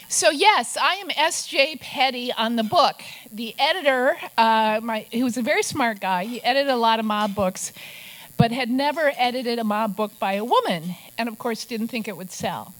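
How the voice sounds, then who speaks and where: A woman's voice: a little high, rough recording. A middle-aged woman, a guest speaker at a press club, telling stories in a wry, self-deprecating way. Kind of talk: after-dinner talk at a press club.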